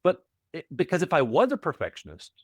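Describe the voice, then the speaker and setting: A man who coaches property managers, a podcast guest telling stories in a casual interview, animated and often repeating words as he restarts. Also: on the high side, brisk, no echo. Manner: animated, repeats words, acts out quoted voices.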